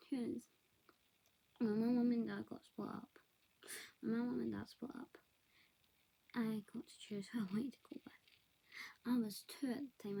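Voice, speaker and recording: Woman vlogger, confessional, half-whispered, gravelly and breathy. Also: fairly high pitch, low-quality recording. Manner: soft, often whispered, hesitant. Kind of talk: confessional monologue to camera.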